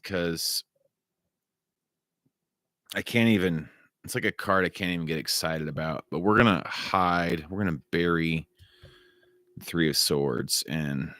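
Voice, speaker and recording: A man's voice: very deep voice, slow, long pauses, fairly bright tone, no echo, studio quality. A man rambling through a solo monologue, wandering and repeating himself and swearing casually. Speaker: vlogger.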